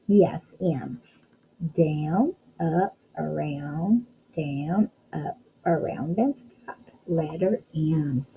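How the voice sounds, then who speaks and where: A woman's voice: on the low side, takes it slowly, breathy edge, highs cut off. A woman teaching a phonics lesson to young children, encouraging them and sounding out letters one at a time.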